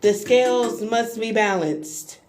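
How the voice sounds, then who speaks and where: A woman's voice: a little high, slow pace. Chatty woman doing a live tarot reading. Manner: animated and playful, talking to viewers. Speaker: tarot reader. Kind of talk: live-stream spiritual reading chat.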